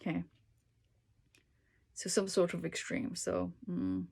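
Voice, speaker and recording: A woman's voice: lowish voice, very animated, slow pace, gravelly, darkish tone, breathy edge. A woman casually reading dictionary entries aloud to herself, trying out Chinese words with small asides and occasional whispers. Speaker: language learner reading a dictionary.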